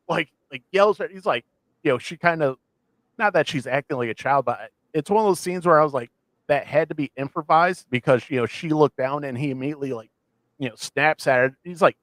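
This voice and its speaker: Rambling animated man, dry close sound. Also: mid-range voice, normal speed, no room sound. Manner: rambling, many restarts and fillers, animated retelling. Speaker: podcast co-host. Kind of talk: casual chat.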